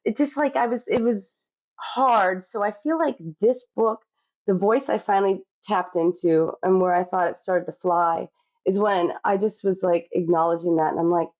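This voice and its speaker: A woman's voice: mid-range voice, normal speed, a little mellow, lo-fi sound. A woman cookbook author talking reflectively in a podcast interview, with many you-knows.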